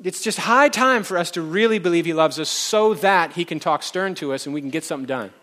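High-voiced man preaching casually. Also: fairly quick, bright, forceful tone. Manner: chatty, talks directly to the congregation by name. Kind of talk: casual conversational sermon.

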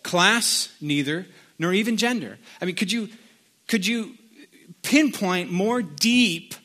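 A man's voice: high-pitched, takes it slowly, sharp tone. A middle-aged man preaching a sermon, telling a joke and reading scripture in a loose, conversational way with plenty of fillers. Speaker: pastor.

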